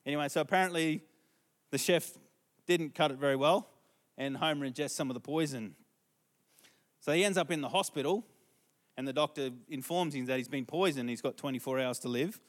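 Middle-aged preacher, conversational and questioning. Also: male voice, a little high, a little fast. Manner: conversational, asks the congregation questions. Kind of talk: sermon with storytelling.

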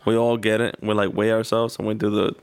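A man's voice: fairly low pitch, little pitch movement, fast, clear, resonant tone, no room sound. A laid-back man talking slangy in a casual podcast chat. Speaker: podcast co-host.

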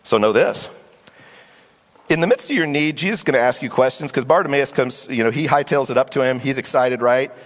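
A middle-aged man preaching a sermon as pastor, animated and acting out voices of Bible figures. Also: mid-range voice, brisk. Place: church sanctuary. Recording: long hall reverb.

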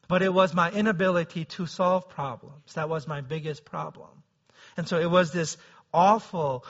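Bright-voiced preacher, high and lively. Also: male voice, muffled recording. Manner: conversational, often asks the listeners "right?". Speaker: pastor. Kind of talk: sermon.

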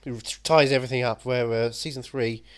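A man's voice: medium pitch, fairly even intonation, normal speed, clear, resonant tone. A man co-hosting a podcast in casual chat, rambling and cracking jokes with playful wordplay. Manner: joking, rambling, wordplay asides. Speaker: podcast co-host. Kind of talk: casual chat about a TV series.

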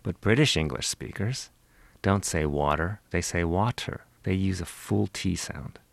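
Deep-voiced professor explaining, dry studio sound. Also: male voice, creaky, no room sound. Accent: Western Pennsylvania. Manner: measured, lecturing, demonstrates speech sounds. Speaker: linguistics professor, interview guest. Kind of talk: explanatory interview answers. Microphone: studio microphone, close.

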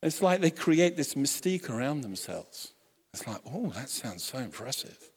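A man preaching a sermon, telling a story with lively acted-out quotes and frequent restarts. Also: mid-range voice, normal speed, breathy edge. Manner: animated storytelling, acts out quotes, self-correcting restarts. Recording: long hall reverb.

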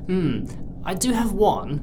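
A woman voicing a curious young alien woman who is easily amazed, reacting with impressed exclamations in an animated series. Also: fairly low pitch, slow pace. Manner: wide-eyed, impressed exclamations. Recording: noisy background ambience.

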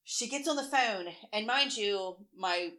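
Forties woman cursing her way thru a story, bright voice, blunt and chatty. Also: fairly high pitch, a little slow. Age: 40s. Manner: blunt, profane storytelling with acted-out quotes. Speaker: podcast co-host. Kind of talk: casual chat.

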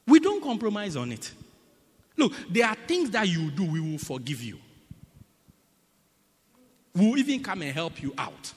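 Male preacher, sermon style, lively swooping pitch, reverberant church hall. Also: unhurried, pauses often, breathy edge. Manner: animated, builds to loud emphatic bursts with repeated phrases.

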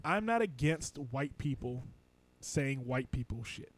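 A man co-hosting a comedy podcast in casual banter, animated and emphatic, often laughing. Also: mid-range voice, measured pace, slight background noise, rough recording. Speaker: podcast co-host. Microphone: studio microphone.

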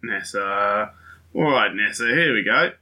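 A man trades blunt jokes in a comedy chat. His voice is very bright and sharp. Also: on the low side, animated, a little slow.

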